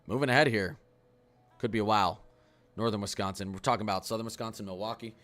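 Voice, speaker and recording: With a fairly low voice, this man chats rapidly and eagerly through model maps while giving a casual weather forecast on a livestream.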